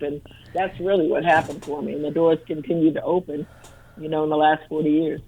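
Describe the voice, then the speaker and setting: A woman in her sixties from Massachusetts, with a light Massachusetts accent, telling stories in a lively, easy manner and laughing often during an interview. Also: deep voice, brisk, narrow, tinny audio. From Brockton, Massachusetts. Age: 60s. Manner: upbeat, storytelling, laughs easily. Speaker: motivational speaker and former teacher. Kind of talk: casual interview answers.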